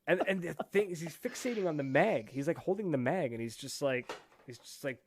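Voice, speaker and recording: A man from Canada hosting a podcast, telling a lively story in casual chat, acting out what people said and laughing often. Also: on the high side, fairly quick, dry recording. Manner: animated storyteller, acts out quotes, laughs often. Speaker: podcast host.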